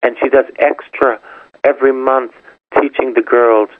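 An older man, a parish priest, preaching a sermon in an emphatic, repetitive way, his voice gravelly and husky. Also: medium pitch, steady tone, moderate pace, no echo. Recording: tinny phone-like radio broadcast.

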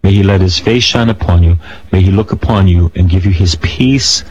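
Slow-spoken priest making an appeal. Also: male voice, sits low, a little mellow. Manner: slow, repeats addresses and phone numbers. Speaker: priest and radio host. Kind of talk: on-air appeal and blessing. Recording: dull lo-fi broadcast audio.

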